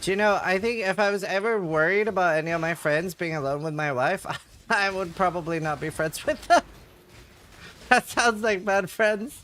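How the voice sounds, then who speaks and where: A man talks to his live chat during a game stream, joking and answering messages as they come in. His voice sits high and sounds bright and forward. He keeps the tone light and chatty. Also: fairly quick, slight background noise. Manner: chatty, jokey, reads and answers chat aloud. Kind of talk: casual chat with live viewers while gaming.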